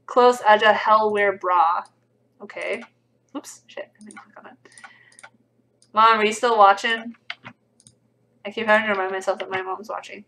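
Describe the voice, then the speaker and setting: A woman's voice: mid-range voice, fairly even intonation, normal speed, pauses often, bright, forceful tone, low-quality recording. A young woman hosting a casual livestream, reading comments aloud with a dry, sarcastic edge.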